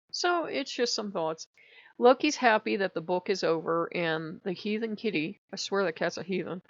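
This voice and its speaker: A woman's voice: mid-range voice, no room sound. A stuffed-up woman vlogging casually about her spiritual practice, rambling and chatty. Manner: rambling, chatty, quotes others in little voices. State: stuffed-up nose. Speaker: pagan devotional vlogger. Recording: dull lo-fi dry recording.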